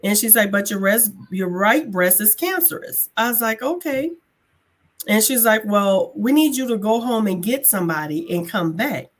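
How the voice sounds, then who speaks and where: A woman guest telling a personal story in a casual chat, colloquial and animated, acting out the dialogue and laughing as she goes. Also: mid-range voice, moderate pace. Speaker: guest sharing a testimony.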